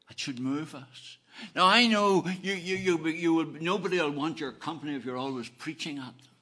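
A man preaching a sermon, earnest and emphatic, repeating phrases and swinging between soft and loud delivery. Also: on the high side, normal speed.

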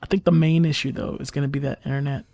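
A man in casual podcast chat, joking in a deadpan way. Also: fairly high pitch, fast talker, vocal fry. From United States. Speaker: podcast co-host.

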